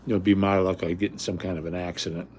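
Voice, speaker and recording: A man's voice: sits low, flat delivery, rapid-fire, a little mellow, a little hiss or hum. An older man hosting a casual livestream from home, talking bluntly and rambling, often repeating himself. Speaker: livestream host.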